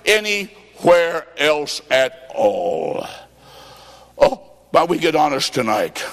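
An older evangelist man, preaching a revival sermon with folksy stories and shouted emphasis. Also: fairly high pitch, sing-song, creaky. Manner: fervent, shouting and drawn-out for emphasis, folksy asides. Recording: long hall reverb.

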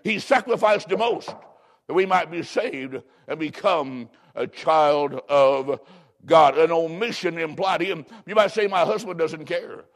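A pastor from Illinois delivers a sermon in a somewhat high male voice. He reads scripture solemnly and draws out key words with slow, dramatic emphasis.

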